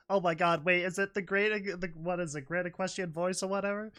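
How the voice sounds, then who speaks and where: A man with a fairly high voice narrates a fan story, reading steadily. He often stops to laugh and make reactive commentary. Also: fairly even intonation, fairly quick, few pauses, fairly bright tone.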